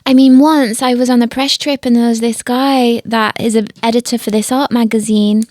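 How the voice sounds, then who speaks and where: A woman's voice: on the high side, steady tone, moderate pace, darkish tone. A woman with a Northern English accent hosting a casual podcast chat, talking in an enthusiastic, chatty way. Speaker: podcast host.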